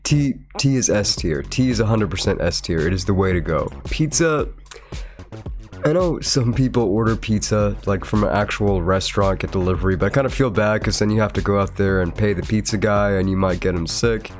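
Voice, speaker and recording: A man's voice: on the low side, fairly quick, faint music behind. A man with a cold and a slightly nasal voice, chatting casually as a VTuber host while ranking foods. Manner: chatty and rambling, with chuckles. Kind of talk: casual chat, rating foods on a tier list. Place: his room.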